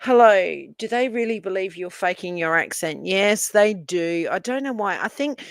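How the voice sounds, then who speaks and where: A woman's voice: medium pitch, lively intonation, moderate pace, smooth, dry recording. A woman with an Australian accent, Italian her first language, hosting a casual livestream and chatting as she reads comments. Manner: chatty, rambling, laughs often. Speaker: livestream host.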